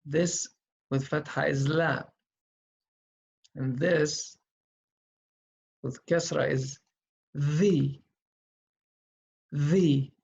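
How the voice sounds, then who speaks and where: A man teaching Quran reading in a slow, step-by-step tutorial, patiently thinking aloud as he writes. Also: fairly high pitch, steady tone, gravelly, muffled recording.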